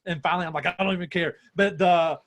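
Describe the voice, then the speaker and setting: A young adult man, a pastor, telling a story with growing excitement in casual chat on a video call. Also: sits high, fast. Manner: excited storytelling, self-described nerd.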